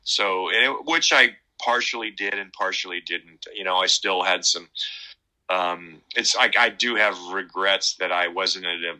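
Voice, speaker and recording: A middle-aged man talking in a casual interview, rambling and halting with many fillers and restarts. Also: low-pitched, sharp tone, rough recording. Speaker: guest musician.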